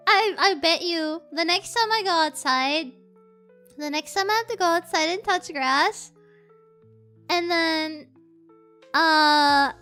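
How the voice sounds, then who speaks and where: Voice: extremely high pitch, bright, forceful tone. A live streamer in casual chat, greeting viewers by name and breaking into giggles again and again.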